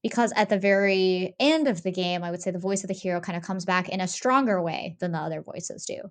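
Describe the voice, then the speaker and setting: A woman co-hosting a podcast, talking in a casual, animated way with lots of fillers and restarts. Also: fairly low pitch, a little fast. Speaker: podcast co-host. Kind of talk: casual discussion.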